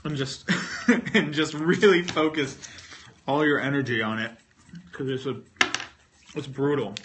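Over a phone microphone and a noisy background, a man from North Carolina, US, talks on a livestream in an unhurried, steady, medium-pitched voice. Eating candy, he chats casually, rambles, jokes at his own expense, swears freely and speaks with his mouth full.

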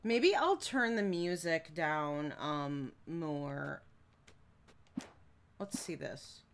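A woman's voice: deep voice, expressive, extremely slow, noisy background. A woman streaming a horror game live, reacting with jumpy, frightened exclamations and casual chat. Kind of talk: live gameplay commentary.

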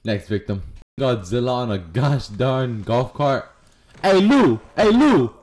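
A man's voice: medium pitch, big pitch swings, takes it slowly, darkish tone. A man giving crude, joking commentary while playing a game online, trash-talking other players. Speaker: gaming streamer. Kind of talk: casual gameplay commentary.

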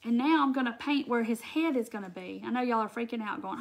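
A woman's voice: a little high, quick pace. A woman hosting a live crafting demonstration, chatting directly to her viewers and answering their comments as she works. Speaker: craft tutorial host.

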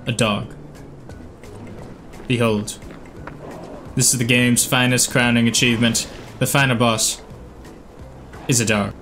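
An excitable man talks through his game, yelping and cursing as it throws things at him. His tone is bright and forceful, and he drags out his words in an unhurried way. Faint game music plays behind him. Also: medium pitch. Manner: excitable, yelps and swears at the game. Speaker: gaming channel host. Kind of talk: gameplay commentary.

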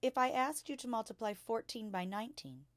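A woman voicing a kind, gentle young schoolteacher who asks encouraging questions. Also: on the high side, a little fast, no echo, voice pushed up, close to an everyday voice.

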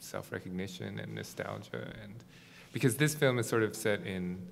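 A man's voice: lowish voice, very animated, moderate pace, creaky. A man moderating a discussion at a screening, hesitant and searching for words. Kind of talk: casual conversation at a screening. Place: art gallery. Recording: reverberant gallery space with faint noise.

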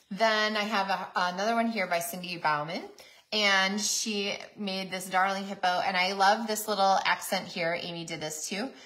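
A woman's voice: medium pitch, sharp tone. A woman hosting a live craft show, chatting casually and enthusiastically about handmade cards, with frequent ums along the way. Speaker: host showing handmade cards.

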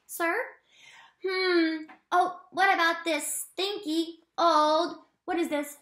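Woman teacher, high voice, playful and slow, drawing out phonics sounds for small kids; recorded in an echoey room. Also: fairly bright tone. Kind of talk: phonics lesson for young children.

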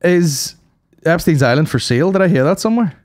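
A man's voice: a little high, animated, a little fast, darkish tone, a little hiss or hum. A young man chatting loosely on a podcast, swearing and laughing as he tells stories. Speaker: podcast co-host. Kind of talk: casual chat.

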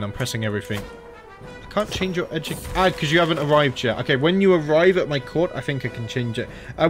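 An Australian man streaming a strategy game, chatting casually, thinking aloud and muttering as he clicks through menus. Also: on the high side. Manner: chatty, thinks aloud, mutters and self-corrects, frequent mild swearing. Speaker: gaming streamer. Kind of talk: casual live-stream commentary while playing a strategy game.

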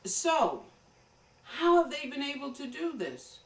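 American woman, slightly high-pitched, emphatic commentary monologue, distant and roomy recording. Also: very animated, takes it slowly. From United States. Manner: emphatic, lecturing, addresses viewers directly. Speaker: political commentator.

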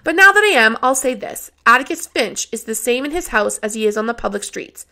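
A frank, sharp-tongued older woman, as a female reader puts her on in an audiobook. She speaks measured and blunt, with a gravelly, bright edge. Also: on the high side, lively intonation. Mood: warm.

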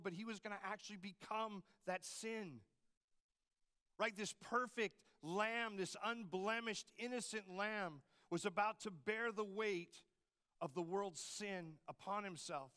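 A man's voice: high voice, measured pace, bright, forceful tone, smooth. A man preaching a sermon as campus pastor, in a conversational style with frequent rhetorical asides to the congregation.

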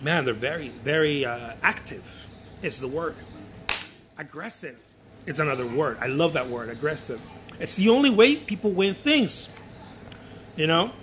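A man's voice: on the high side, normal speed, long pauses, a little hiss or hum. A painter whose first language is Spanish, chatting casually and animatedly in his studio and acting out other people. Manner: animated, repeats himself, acts out other people. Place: art studio.

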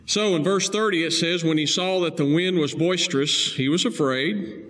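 A male preacher, delivering a sermon with emphatic rising stresses and slow, deliberate key phrases. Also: a little high, a bit bright.

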